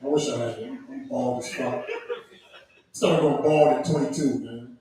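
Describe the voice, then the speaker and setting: A man's voice: mid-range voice, moderate pace, a crowd in the background. A man hosting an open mic and doing loose, cursing stand-up in a small club. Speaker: open mic host and comedian. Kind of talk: stand-up comedy. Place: small comedy club stage. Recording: very echoey room, far from mic.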